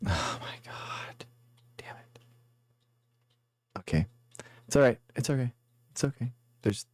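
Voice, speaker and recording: A man's voice: on the low side, a little mellow, no echo. A man streaming a guessing game live, rambling and thinking aloud as he plays. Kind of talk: casual live game commentary.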